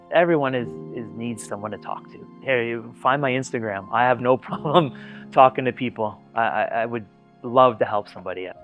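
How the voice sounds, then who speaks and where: A man's voice: mid-range voice, fairly bright tone. A man giving candid personal testimony in an interview, talking earnestly and bluntly, swearing freely and often repeating words as he starts a thought. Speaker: interviewee sharing personal experience.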